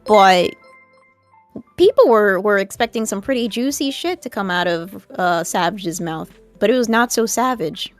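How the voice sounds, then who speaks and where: A woman co-hosting a casual commentary stream, giving measured opinions. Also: medium pitch, lively intonation, soft background music. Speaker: co-host.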